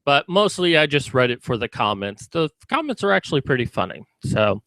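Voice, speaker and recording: A man's voice: medium pitch, very animated, fairly quick, pushed and bright, dry recording. A man giving sarcastic, mocking commentary in a video about a news story.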